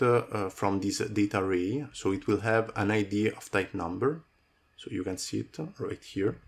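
Guy walking thru code, lowish voice, lots of uhs, keyboard typing behind him. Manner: talks through code with many fillers. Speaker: coding tutorial host. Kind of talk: screen-recorded coding tutorial.

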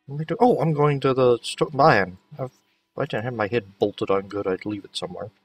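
A man's voice: mid-range voice, brisk, distant mic, soft background music. A man giving casual gameplay commentary, chatting to the characters as he plays. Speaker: let's play host.

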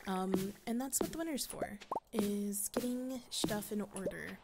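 A woman's voice: medium pitch, a little slow, very noisy. A woman giving casual gameplay commentary as a let's play creator, rambling and thinking aloud with frequent laughs. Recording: loud mouse and keyboard clicks.

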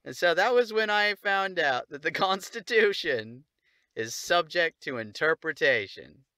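A man's voice: on the high side, expressive, a little slow, pushed and bright, dry recording. A young man ranting casually while walking his dog, swearing often and laughing at it. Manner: profane, mocking, laughs often. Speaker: vlogger. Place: outdoors on a dog walk.

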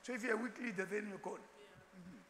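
A man's voice: high-pitched, fast talker, a bit bright. A man preaching a sermon as a bishop, asking the congregation questions and telling stories with humour. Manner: call-and-response preaching with rhetorical questions; humorous storytelling, laughs often. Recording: long hall reverb, faint background noise.

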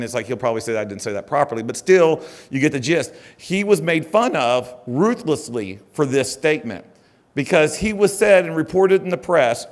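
Man, keynote speaker, conversational and animated, lots of fillers. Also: on the high side. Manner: chatty, full of "uh" and "it's like" fillers. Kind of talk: conference keynote. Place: conference stage.

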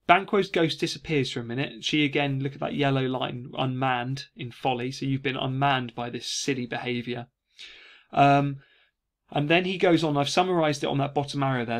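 A man explains a text to students in a relaxed, conversational way. His voice sits at an ordinary middle pitch, and he lifts it with lively emphasis whenever he reads out a quoted line. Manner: chatty, lively reading of quoted lines. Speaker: English teacher. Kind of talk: casual revision lesson.

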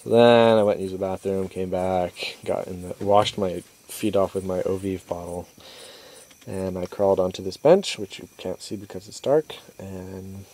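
A young man with a deep, dark-toned voice vlogs at night from inside a stalled vehicle beside a rural road, speaking at a moderate pace. In casual video-diary style, he tells his travel story in a chatty, exasperated way, full of "like" and acted-out quotes.

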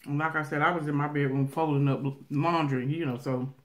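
This woman's voice sits low, with a Southern country drawl, fairly even intonation, and a fairly quick pace. A vlogger eating on camera, she tells a story casually, speaking loudly and laughing out loud.

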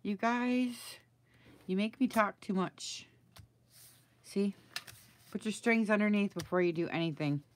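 In this chatty live craft video, a middle-aged woman works on a project, musing aloud and seeking tips from her viewers. She speaks at medium pitch, a little slowly, often pausing at length, with slight background noise.

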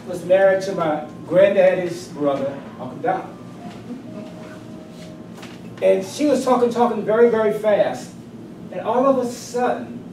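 An older man spins a funny tale from his childhood, his voice sitting high and swinging widely as he builds each moment slowly. He sounds unhurried and deliberate. The recording comes from a distant mic in an echoey room, with noise behind him. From South Carolina, US. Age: 60s. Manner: lively, drawn-out storytelling with emphatic buildups. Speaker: club speaker. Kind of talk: humorous personal storytelling speech. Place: club meeting room.

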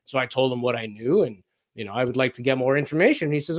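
A man in the guest seat of a radio interview, chatting casually as he tells stories. He acts out what other people said, slipping in fillers as he goes. His voice sits at an ordinary middle pitch for a man. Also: quick pace. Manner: anecdotal, acts out quoted dialogue, frequent fillers.

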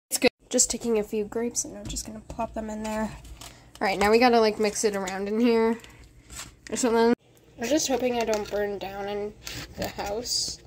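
A young woman narrating a casual cooking vlog in a chatty, nervous, giggly way. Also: a little high. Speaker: vlogger. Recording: noisy home recording.

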